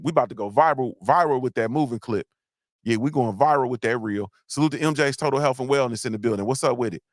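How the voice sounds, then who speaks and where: A middle-aged man hosts a livestream, chatting loosely in slang and calling out viewers from the chat. His voice sits at an ordinary pitch. The sound is dry and close, with no room around it. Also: no echo. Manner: slangy, rambling, shouts out chat names. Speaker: livestream host.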